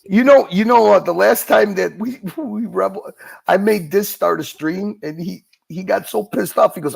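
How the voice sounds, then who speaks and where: Gravelly, high-pitched man ranting. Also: moderate pace. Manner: rambling, swearing, laughing. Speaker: livestream co-host. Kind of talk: profane livestream banter.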